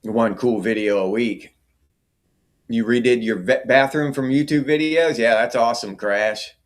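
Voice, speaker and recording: A middle-aged man hosts a casual livestream, speaking at medium pitch in an unhurried way. He chats and answers viewer comments by name.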